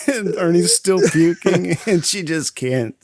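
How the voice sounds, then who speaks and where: A man hosting a casual podcast and recapping a film, laughing often and acting out lines in quick voices. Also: high voice, a little mellow. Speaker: podcast host. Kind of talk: casual movie recap chat.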